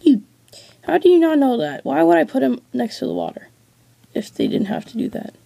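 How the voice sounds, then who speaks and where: A gamer chatting casually during a co-op game, bossy and teasing, breaking into excited whoops. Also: high-pitched, fairly quick, vocal fry, breathy edge. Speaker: let's play gamer. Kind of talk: casual co-op gaming chat.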